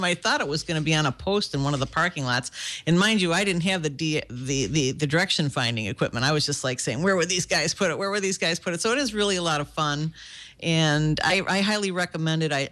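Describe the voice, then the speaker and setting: Bright, bubbly woman on a radio chat show. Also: sits low. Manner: bubbly, enthusiastic, laughs often. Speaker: chat room moderator.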